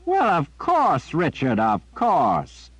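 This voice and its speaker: A man voicing a gentle old wizard grandfather who talks in a slow drawl. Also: on the high side, huge pitch swings, breathy edge, no echo, pitched above the performer's own voice, exaggerated voice. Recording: dry, dull lo-fi.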